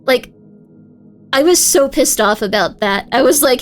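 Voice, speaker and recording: High-voiced chatty woman streamer. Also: unhurried, pauses often, slight background noise. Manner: chatty, bursts into high excited shouts. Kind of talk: casual live-stream chat.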